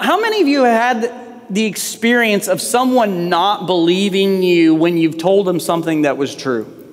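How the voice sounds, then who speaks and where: High-voiced preaching pastor in a hall. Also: male voice. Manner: conversational preaching with acted quotes. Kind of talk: sermon.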